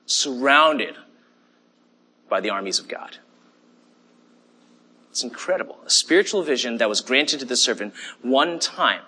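A man's voice: mid-range voice, sharp tone, husky. A man preaching a sermon in a conversational way, often checking in with the listeners. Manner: conversational preaching with fillers and "okay?" check-ins. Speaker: pastor.

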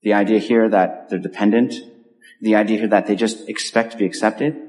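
A man's voice: on the low side, little pitch movement, brisk. Earnest male pastor in reverberant hall. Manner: earnest, pleading, drops softly at phrase ends. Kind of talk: sermon. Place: church sanctuary.

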